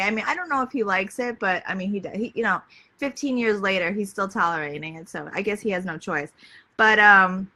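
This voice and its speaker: A woman in her thirties chatting casually on a live video, hoarse and losing her voice, full of likes and ums. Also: mid-range voice, a little fast, bright, forceful tone. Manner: chatty, peppered with "like" and "um". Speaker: lifestyle vlogger. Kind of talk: casual Facebook Live chat.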